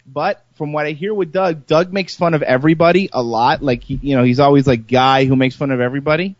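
A man's voice: a little high, a little fast, no room sound, dull audio. A man hosting a radio show, teasing his co-hosts in casual banter. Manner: provocative teasing, laughing.

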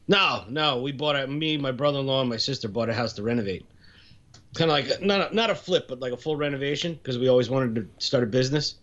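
A man's voice: medium pitch, quick pace, fairly bright tone, highs cut off. A man chatting casually as a podcast guest over an internet call, laid-back and rambling, often laughing. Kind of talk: casual chat.

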